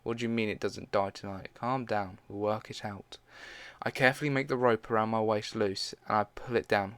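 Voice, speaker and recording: A man's voice: on the low side, fairly even intonation, brisk, a bit bright, clean tone, dry recording. A man casually reading fan fiction aloud, stumbling now and then and dropping in his own side comments.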